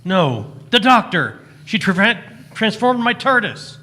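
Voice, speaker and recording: A man's voice: mid-range voice, very animated, slow pace, slightly rough, full character voice. A man voicing a gleeful, scheming monk in a live fan radio play, with a cackling, gloating manner. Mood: outraged.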